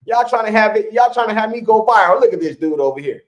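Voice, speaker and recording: A man's voice: high-pitched, animated, quick pace, poor audio. A man co-hosting a live sports stream, chatting casually in slang with his viewers and laughing often.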